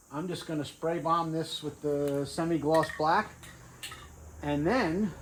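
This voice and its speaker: A man's voice: a little high, slight background noise, low-quality recording. A man casually narrating his truck build in a home garage, offhand and thinking aloud with fillers. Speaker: garage vlogger.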